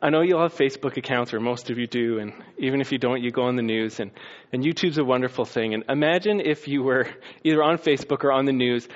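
A man preaching a sermon as a pastor, telling the story with lively acted-out scenes and sound effects. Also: mid-range voice, dull audio.

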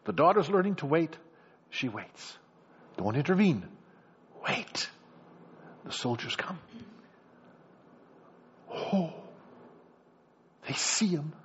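A man's voice: on the high side, moderate pace, slight background noise. A man preaching a sermon, acting out a story scene by scene and calling on the congregation. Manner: animated, acts out scenes, addresses congregation. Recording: dull lo-fi sound.

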